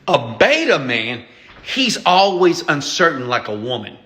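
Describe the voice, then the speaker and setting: A man's voice: a little high, sing-song, measured pace, pushed and bright. A man who is an entrepreneur and mentor, lecturing his viewers bluntly and emphatically, swearing and checking in with "okay?". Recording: echoey room.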